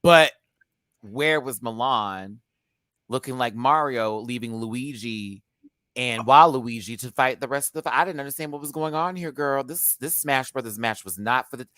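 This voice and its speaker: A man co-hosting a live TV review, talking casually and theatrically, jumping from low murmurs to shrieked punchlines. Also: moderate pace, sharp tone, no room sound, clean studio sound. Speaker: co-host of a live review show.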